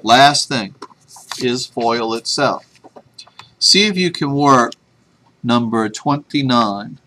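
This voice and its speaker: Bright-voiced male teacher on a webcam. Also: mid-range voice, slow. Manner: chatty, self-deprecating, tells a joke before the lesson. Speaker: math teacher. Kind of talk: classroom lesson. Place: classroom. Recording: faint room noise from a webcam.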